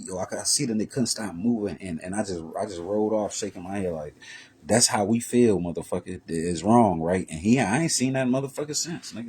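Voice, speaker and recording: A man vlogging a profane, heated street-talk rant that swings from low muttering to loud raised bursts. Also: a little hiss or hum.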